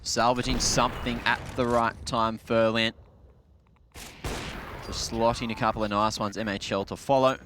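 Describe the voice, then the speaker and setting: A man giving play-by-play esports commentary, jumping up in pitch on big plays. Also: slight background noise. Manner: excitable, spikes high on big plays. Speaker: esports caster.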